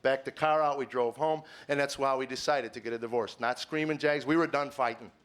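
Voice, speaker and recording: Middle-aged man, stand-up comic, earnest confessional delivery, halting repeats, shifts from quiet to preachy, mid pitch. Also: fairly even intonation. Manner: earnest, stammers with repeated words, swings from quiet musing to emphatic preaching. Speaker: comedian. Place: stage before a live audience.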